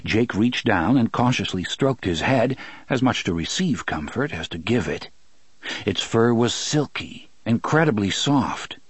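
A man narrating a novel as an audiobook, expressive and switching voices for characters. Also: lowish voice, measured pace, husky, dry recording. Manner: expressive storytelling, many voices. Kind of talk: scripted narration.

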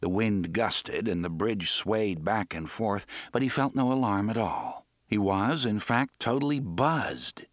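A man narrating an audiobook in a measured, dramatic storytelling manner. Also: lowish voice, no room sound, studio quality.

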